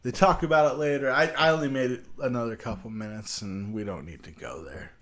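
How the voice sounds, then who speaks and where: A man's voice: mid-range voice, a little fast, fairly bright tone. A man hosting a show, delivering a profane, mocking roast with crude jokes and stammered restarts. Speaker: show host.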